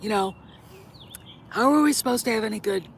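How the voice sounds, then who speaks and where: A woman's voice: fairly high pitch, rapid-fire, creaky, slight background noise. Blunt, opinionated woman vlogger. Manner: blunt, opinionated, swears freely. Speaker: host. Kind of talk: casual vlog chat.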